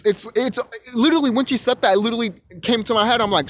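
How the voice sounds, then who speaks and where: A man's voice: high voice, quick pace, hardly any pauses. A young man ranting to camera, rambling, repeating himself and cursing freely. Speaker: vlogger. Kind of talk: profane rant to camera.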